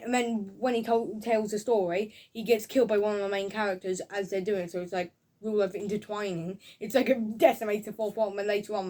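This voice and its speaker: A woman giving a casual, excited review of a film, rambling through scenes with frequent restarts. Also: mid-range voice. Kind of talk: casual home-video review.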